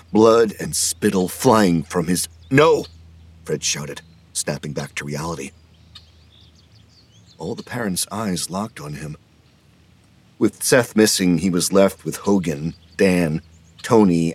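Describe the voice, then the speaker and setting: A male audiobook narrator reads a novel aloud from a script, measured and wry. His voice is very low and husky, captured in a close, dry recording with no room sound.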